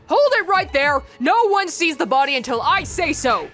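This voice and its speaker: A woman's voice: high-pitched, big pitch swings, normal speed, fairly bright tone, faint music behind, pitched above the performer's own voice. A woman voicing a showy male actor who turns out to be a police detective, speaking with theatrical force. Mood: dramatic. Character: dramatic male actor revealing himself as a cop.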